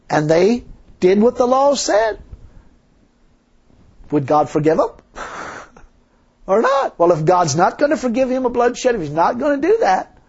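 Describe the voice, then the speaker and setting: A man's voice: very high voice, breathy edge. A man preaching a sermon in a folksy, emphatic way, full of rhetorical questions. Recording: dull lo-fi sermon recording.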